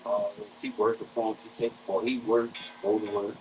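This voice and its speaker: A man's voice: lowish voice, little pitch movement, moderate pace, a little mellow, a little hiss or hum, poor audio. A man streaming live craps and rambling in profane, restart-heavy casual chat. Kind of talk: casual chat while gambling.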